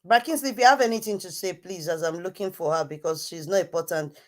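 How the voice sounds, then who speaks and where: A woman's voice: on the low side, fast. Scolding woman. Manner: scolding, repetitive, emphatic. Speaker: online show host. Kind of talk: heated live-stream rant.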